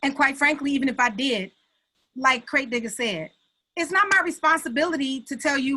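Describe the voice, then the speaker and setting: A woman speaking on a video call, blunt and exasperated, with emphatic, animated delivery. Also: high-pitched, normal speed, rough recording. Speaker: call participant, artist. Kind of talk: candid group video call.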